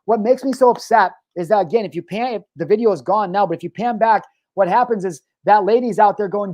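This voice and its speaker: A man's voice: sits high, a little fast, dark tone. A young man hosting a solo podcast, ranting heatedly and profanely, often stopping to restart his sentences. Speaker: podcast host.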